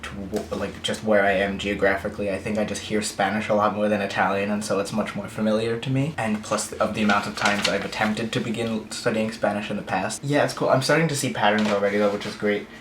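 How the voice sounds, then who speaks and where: A man's voice: lowish voice, flat delivery, fast, hardly any pauses, noisy background. Man talking carefully in an echoey room. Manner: careful, slightly overpronounced speech. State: sore mouth after dental surgery. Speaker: language-learning vlogger. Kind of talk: casual talk to camera.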